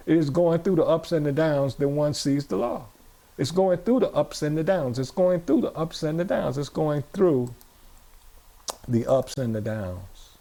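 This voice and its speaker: In a church, a male pastor with a warm, medium-pitched voice and some vocal fry preaches a sermon. He repeats phrases and puts questions to his congregation in a call-and-response style.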